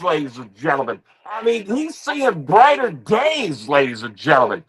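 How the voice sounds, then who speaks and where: Guy doing stream commentary, high voice, mocking rant, keeps saying the same line. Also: sing-song, normal speed, hardly any pauses, low-quality recording. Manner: mocking rant, keeps repeating "ladies and gentlemen". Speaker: streamer host.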